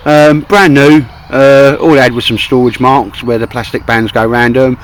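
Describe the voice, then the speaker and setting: A man's voice: medium pitch, fairly even intonation, moderate pace, hardly any pauses, a little hiss or hum, poor audio. A man with a Cockney accent chatting casually to camera outdoors in a wet wood, rambling and calling his mate "mate". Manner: rambling, chummy, keeps saying "mate". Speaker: outdoor vlogger.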